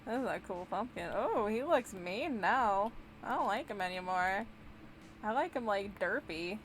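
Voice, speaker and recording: A woman's voice: medium pitch, animated, measured pace, a little hiss or hum. A young woman streaming a game, chatting casually in a bubbly, giggly way. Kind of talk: casual gameplay chat.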